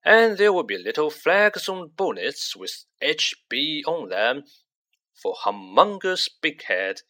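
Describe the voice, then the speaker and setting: Reader doing a mischievous teen boy cracking jokes, bright and lively. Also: mid-range voice, slow pace, pitched above the performer's own voice, heavily acted. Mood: teasing.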